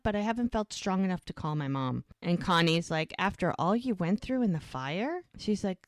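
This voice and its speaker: A woman's voice: on the low side, lively intonation, moderate pace, dry recording, clean studio sound. A woman co-hosting a podcast, casually recapping episodes and acting out the characters' lines. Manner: retells scenes, acting out lines with "he goes". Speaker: podcast co-host.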